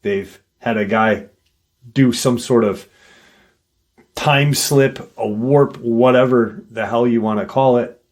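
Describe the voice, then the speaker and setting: A man casually retelling a listener's paranormal encounter story in an unhurried, conversational way, with fillers and swearing. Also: medium pitch, fairly even intonation.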